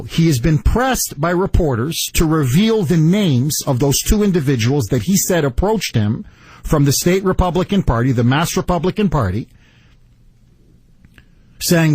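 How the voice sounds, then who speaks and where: Emphatic talk-radio man, husky voice. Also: fairly high pitch, a little mellow, dry recording. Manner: emphatic, stresses words, acts out quotes. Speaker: radio talk show host. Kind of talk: political talk radio monologue.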